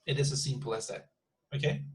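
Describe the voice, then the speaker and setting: A man's voice: medium pitch, fast talker, low-quality recording. Patient male teacher. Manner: patient, repeats and restarts words while explaining. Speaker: English teacher. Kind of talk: online class instruction.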